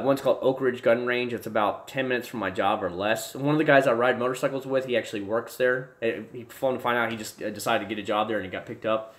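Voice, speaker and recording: Rambling young man chatting on a livestream. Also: fairly low pitch. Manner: rambling, restarts often, excitable bursts. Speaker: livestream host. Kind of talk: casual livestream chat. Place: home room with desk and gear.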